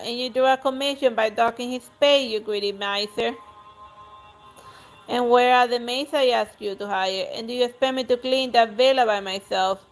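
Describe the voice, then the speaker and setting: A grand, scornful noblewoman barks insults at everyone around her, read aloud by a woman. Her voice sits a little high, and soft music plays faintly underneath. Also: lightly acted. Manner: imperious, insulting, theatrical reading. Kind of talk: reading game dialogue aloud.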